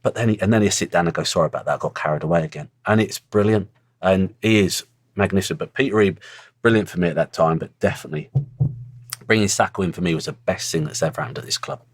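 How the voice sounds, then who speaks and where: A man's voice: sits low, quick pace, no echo. A middle-aged man, a former footballer telling stories in a blunt, earthy way as a podcast guest. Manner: blunt, earthy storytelling with swearing. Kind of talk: casual interview chat.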